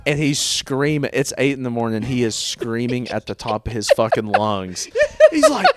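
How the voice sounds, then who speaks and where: A man's voice: medium pitch, steady tone, moderate pace. A young man co-hosting a casual podcast, telling a story in a laid-back, wry way. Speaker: podcast co-host. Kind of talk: casual chat.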